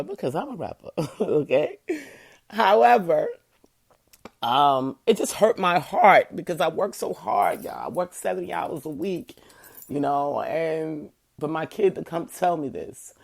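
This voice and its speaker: A woman's voice: low voice, vocal fry, darkish tone. A woman, talking earnestly to her viewers and saying "you know" over and over. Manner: emphatic, repeats "you know" often. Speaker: online show host. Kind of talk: casual heartfelt talk to viewers.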